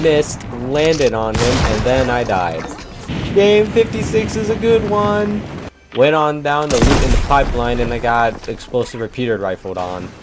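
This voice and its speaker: Laid-back young man over loud gunfire. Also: mid-range voice, very noisy. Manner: laid-back, self-mocking, joking. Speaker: gaming YouTuber. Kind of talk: casual gameplay commentary. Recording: loud gunfire and game sounds behind.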